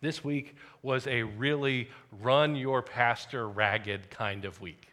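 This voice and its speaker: A middle-aged pastor delivers a sermon from the pulpit in a bright, forward voice at a medium pitch, talking as if telling friends a story. His intonation is fairly even and his pace slow, and now and then he slips into quiet asides.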